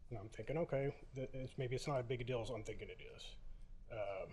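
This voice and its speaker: A man's voice: medium pitch, fast talker, a little mellow. A middle-aged man speaks at a council chamber podium in a mid-range voice. He is plainspoken and emotional, full of uhs, and he holds back tears. Faint room noise sits behind him. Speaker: resident giving public comment. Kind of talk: public comment at a council meeting.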